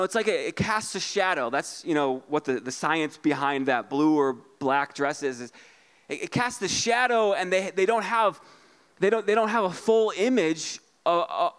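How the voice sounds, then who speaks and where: A man preaching a sermon, restarting his phrases and doubling words, then jumping into lively acted voices. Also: clear, resonant tone. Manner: halting, repeats words, acts out voices with big pitch jumps. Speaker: pastor. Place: church.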